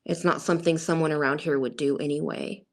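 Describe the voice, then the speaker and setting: A woman's voice: sits low, steady tone, fairly quick. A woman guest recounting a personal encounter in a rambling way, full of "like" and quoted asides.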